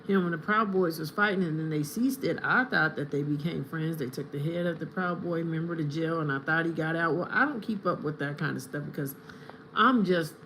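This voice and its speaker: Livestreamer, from the US, rambling, confrontational, addressing chat, middle pitch. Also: brisk, bright, forceful tone, slight background noise, rough recording. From United States. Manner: rambling, grows heated and confrontational.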